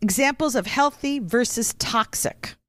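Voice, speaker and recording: A woman's voice: on the high side, expressive, a little slow, a bit bright, no room sound. A woman co-hosting a podcast, chatting casually and teasing, giggly, at a table microphone. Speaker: podcast co-host. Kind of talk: casual chat. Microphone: studio microphone at a table.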